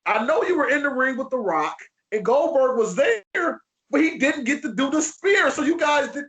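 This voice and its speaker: A male podcast host with a very high voice that swings widely in pitch. He chats casually and eagerly, jumping in with short agreements and laughs. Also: sing-song, normal speed, a bit bright. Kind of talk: casual chat.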